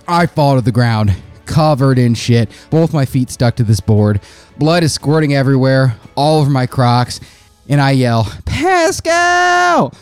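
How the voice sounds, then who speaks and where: Profane, self-mocking male stand-up comic. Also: medium pitch. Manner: profane, exasperated, self-mocking, yelling in reenactments. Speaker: stand-up comedian. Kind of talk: stand-up storytelling.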